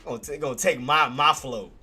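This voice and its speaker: Day-trading streamer, male, bright and animated, excitable with a salty mouth, keeps repeating himself. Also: on the high side. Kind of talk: live trading commentary.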